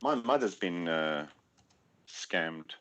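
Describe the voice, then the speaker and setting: Male podcast host, lower register, relaxed storytelling chat, animated delivery. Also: slow. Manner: animated, acts out quoted voices. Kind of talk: casual chat.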